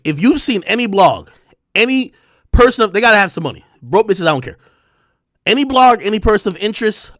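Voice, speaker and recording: A man's voice: on the high side, a bit bright, dry recording, studio quality. Emphatic man ranting on a livestream. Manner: emphatic, repetitive, defiant, with profanity. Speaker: streamer host. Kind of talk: livestream monologue to chat.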